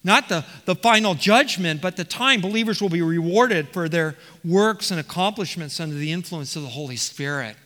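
A man's voice: high-pitched, normal speed, hardly any pauses, sharp tone. A man preaching a verse-by-verse sermon as the pastor, reading passages aloud and often restarting his phrases. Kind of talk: expository sermon. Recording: reverberant hall.

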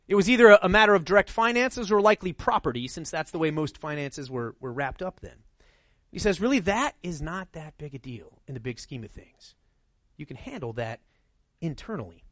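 A man's voice: sits high, no room sound. A middle-aged male pastor preaching a sermon in a conversational way, often checking in with "right?".

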